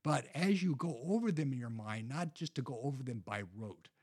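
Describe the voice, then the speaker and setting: A man's voice: mid-range voice, animated, fairly quick, a little mellow, husky. A man talking through practical faith habits in an earnest, conversational way, often restarting and repeating words. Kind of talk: casual conversational teaching.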